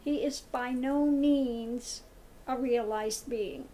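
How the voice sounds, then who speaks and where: A woman's voice: a little high, steady tone, takes it slowly, warm tone, slight background noise. A woman giving a spiritual commentary monologue, emphatic and scornful, who repeats her points and asks "okay?" often. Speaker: tarot reader and spiritual commentator.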